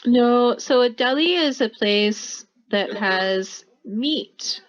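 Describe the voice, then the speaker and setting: A woman's voice: fairly high pitch, expressive, slow, a bit bright, muffled recording. An American woman teaching pronunciation in a college classroom, explaining patiently and repeating words for her students. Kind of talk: classroom instruction.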